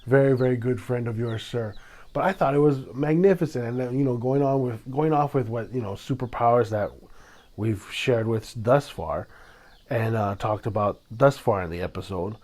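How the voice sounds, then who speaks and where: A man hosting his own podcast in casual solo talk, rambling and dramatic, with sudden loud bursts. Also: mid-range voice, normal speed. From Hawaii. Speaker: podcast host.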